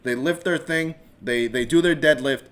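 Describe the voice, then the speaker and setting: A man with a voice on the high side, talking at normal speed, hosts a solo live-streamed podcast. He rants casually and animatedly, swearing freely, restarting often and drifting into rambling asides.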